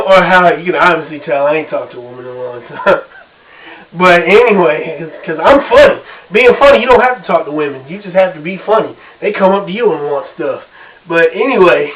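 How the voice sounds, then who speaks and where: A man's voice: on the high side, expressive, brisk, a bit bright, slight background noise. A man doing a stand-up comedy set in a loose, chatty way, with asides to the audience. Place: home basement. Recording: distant mic in a basement.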